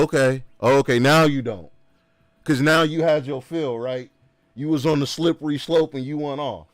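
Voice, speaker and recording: A man's voice: a little high, no room sound. A man streaming a game who chats casually and rants with emphasis, full of slang and repeated asides. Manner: animated, emphatic ranting with slang. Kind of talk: casual livestream chat.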